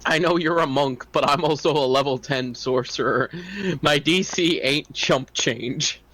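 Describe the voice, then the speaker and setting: A man's voice: mid-range voice, measured pace, fairly bright tone, dry recording. A man playing a tabletop game, joking in a cocky way. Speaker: player.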